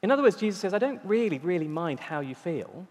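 High-voiced preacher in a reverberant hall. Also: male voice, very animated, darkish tone. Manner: emphatic, repeats key words with slow stresses. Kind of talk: sermon. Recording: long reverb in a large hall.

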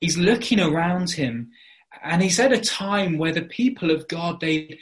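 A man's voice: fairly high pitch, expressive, a little slow. A man preaching an evening sermon, earnest and explanatory, with frequent fillers and restarts.

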